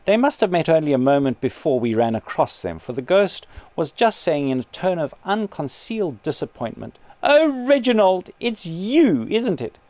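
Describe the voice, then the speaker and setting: A man narrating a story in an audiobook reading, measured and steady. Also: on the high side, no room sound.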